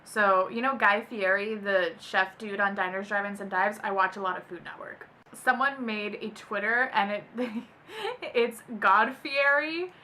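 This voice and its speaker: A woman's voice: mid-range voice, unhurried, sharp tone, a little hiss or hum. A young woman hosting a casual book vlog, reading poems aloud and often breaking into laughter. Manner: giggly, easily amused, breaks into laughter. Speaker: booktuber host.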